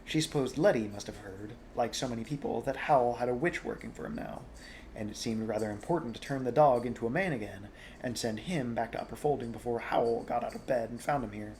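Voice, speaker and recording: A man reads a children's novel aloud as a bedtime story, at a mid-range pitch. He breaks in now and then with chatty asides, over a faint hiss of background noise. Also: expressive, fairly quick, darkish tone.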